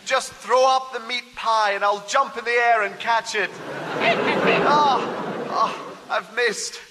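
A man's voice: a little high, moderate pace, big-room sound, a crowd in the background, noisy background, natural voice. A man playing a pleading captive scientist. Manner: pleading, nervous. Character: frightened male scientist held captive by dolphins. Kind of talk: comedy sketch.

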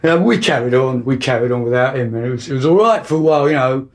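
A man's voice: mid-range voice, lively intonation, quick pace. A young man delivering a rambling, hesitant comic monologue full of restarts. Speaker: comedy monologue performer.

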